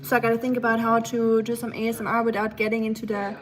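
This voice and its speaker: A woman's voice: a little high, flat delivery, quick pace, reverberant, poor audio. Chatty German-accented woman hosting a stream. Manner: chatty, playful and self-mocking. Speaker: live stream cooking host. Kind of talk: casual cooking live stream chat.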